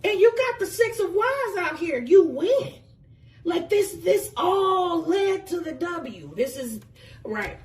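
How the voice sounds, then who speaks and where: Lively high-voiced woman reading tarot. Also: takes it slowly, recorded from a distance. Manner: emphatic and effusive, swears casually, calls the listener pet names. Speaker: tarot reader. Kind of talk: casual intuitive tarot reading.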